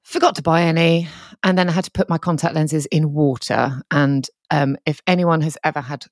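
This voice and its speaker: A woman co-hosting a podcast, telling stories in a chatty, animated way. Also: low-pitched, moderate pace, no echo, studio quality. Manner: chatty, animated storytelling with quoted voices. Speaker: podcast co-host. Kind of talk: casual chat.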